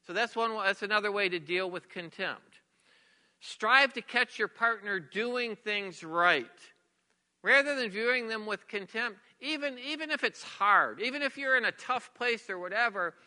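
Middle-aged male pastor, sermon delivery, very bright tone, earnest with repeated phrases. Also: high-pitched, clean tone, in a large hall. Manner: earnest, repeats words, drops to a near whisper for emphasis.

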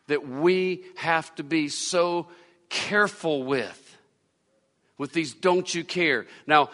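Bright-voiced male preacher in a reverberant hall. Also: fairly high pitch. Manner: preaching with repetition and rising emphasis. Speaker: pastor. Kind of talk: sermon. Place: church sanctuary. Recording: long church-hall reverb.

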